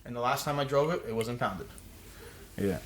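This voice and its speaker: Fast-talking man spinning a profane story. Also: medium pitch, slight background noise. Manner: profane, rambling, many restarts. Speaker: podcast guest. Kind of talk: casual storytelling. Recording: roomy echo.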